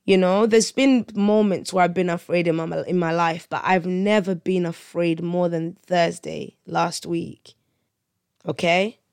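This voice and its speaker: A woman's voice: on the low side, fairly even intonation, a little slow, vocal fry, a little mellow, smooth, no room sound, studio quality. A woman, hosting a podcast and telling a personal testimony in an earnest, conversational way that turns preachy, checking in with listeners. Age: 30s. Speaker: podcast host.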